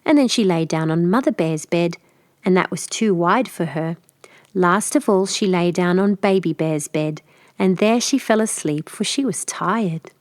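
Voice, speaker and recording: A woman reading a fairy tale aloud in clear, measured storybook narration for learners. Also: lowish voice, no room sound, studio quality.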